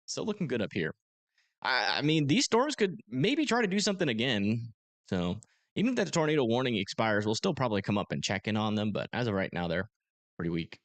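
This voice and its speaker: A young man hosting a live storm-tracking stream, talking casually and haltingly with many fillers as he reads radar. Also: medium pitch, big pitch swings, no echo. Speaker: storm-tracking livestream host. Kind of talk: live weather commentary.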